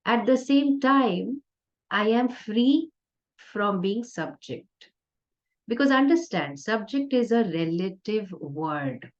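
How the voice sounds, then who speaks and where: A woman spiritual teacher giving a conversational, playful discourse with soft laughs. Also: medium pitch, lively intonation, takes it slowly. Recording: dull lo-fi recording.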